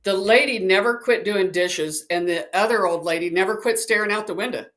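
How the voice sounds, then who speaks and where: A woman's voice: medium pitch, fairly quick. A woman, a psychic, casually telling a personal story and acting out the voices of the people in it. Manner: chatty, animated, acts out quoted voices.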